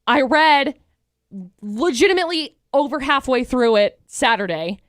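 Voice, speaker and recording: Excitable high-voiced woman co-host. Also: unhurried, no echo, clean studio sound. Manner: excitable, animated storyteller. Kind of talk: casual chat.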